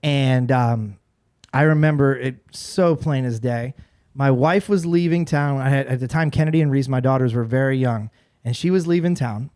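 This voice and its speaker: Telling a story on a podcast where he's a guest, this forties-aged ex-radio man sounds casual and animated, restarting frequently. He speaks at a moderate pace in a clean, mid-range voice.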